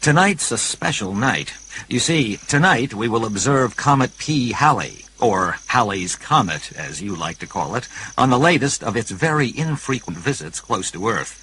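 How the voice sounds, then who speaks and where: Brief: a man as an earnest astronomer, bright tone, lively pitch. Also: moderate pace, a little hiss or hum, low-quality recording. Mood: puzzled. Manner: earnest and explanatory. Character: puzzled male chief astronomer.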